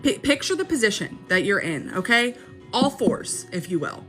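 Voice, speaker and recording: A young woman tells a wild personal story straight to her audience in a casual, chatty way. Her voice is bright and clear, pitched in a middle range for a woman. She keeps checking in with her listener as she goes. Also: very animated, moderate pace, soft background music.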